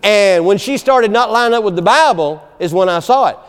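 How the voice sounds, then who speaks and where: A man's voice: high-pitched, fairly quick, clear, resonant tone. A man preaching a sermon in a folksy storytelling way, breaking into laughter and calling out "amen". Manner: storytelling, animated, laughing asides, frequent "amen". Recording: long hall reverb.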